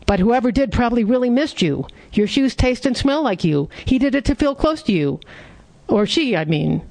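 A man voicing a smart male dog who lectures his pack in a calm, explanatory way. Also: very high-pitched, moderate pace, creaky, voice pushed up, heavily acted. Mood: coaxing.

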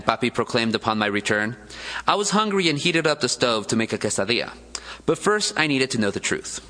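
A man's voice: lowish voice, brisk, long reverb tail. A man reading from his own book at a live bookstore event, then talking loosely about it with some humor. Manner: lively storytelling, self-deprecating. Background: live audience.

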